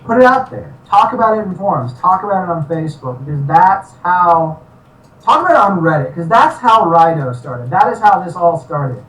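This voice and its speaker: A man's voice: sits high, sing-song, normal speed, fairly bright tone. Guest: man, studio head, upbeat and jokey, far off the mic in a roomy space, faint hiss. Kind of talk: casual interview over a call. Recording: distant echoey mic with faint noise.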